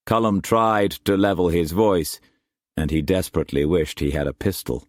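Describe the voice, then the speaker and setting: A man narrating an audiobook in a measured, unhurried reading style. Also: low-pitched, dry recording, studio quality. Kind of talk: scripted narration.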